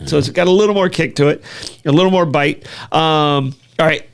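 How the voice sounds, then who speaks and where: An American man co-hosting a casual talk show, chatty and quick to joke. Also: on the high side, smooth. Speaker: co-host. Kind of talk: casual chat.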